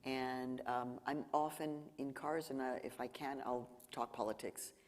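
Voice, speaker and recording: Speaking unhurriedly in a bass voice, a woman journalist from Mexico headlines a live library Q&A, animatedly telling stories and performing the lines of those she quotes. The event hall leaves a long reverb tail, with a little hiss or hum underneath.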